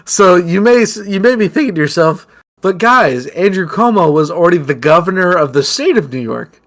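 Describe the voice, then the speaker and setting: A man's voice: high-pitched, normal speed. A young man co-hosting a casual comedic podcast chat, laughing often and breaking into exaggerated outbursts. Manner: animated, laughs a lot, jumps into mock outbursts. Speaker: podcast co-host.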